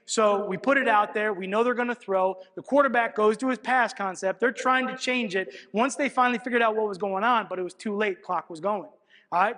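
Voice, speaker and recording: A coach's high, bright-sounding voice rings out with a long reverb tail in a big hall. He tells a game story with animated energy and keeps checking in with his audience of coaches. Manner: animated storytelling, frequent "all right" checks. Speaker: football coach presenting at a clinic. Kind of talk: coaching clinic talk, film breakdown. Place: lecture hall at a coaching clinic.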